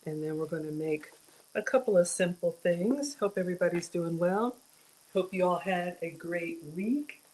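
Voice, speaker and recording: A woman's voice: on the low side, normal speed, a little mellow, low-quality recording. A middle-aged woman hosting a casual cooking livestream, chatty and greeting viewers by name. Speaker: cooking show host.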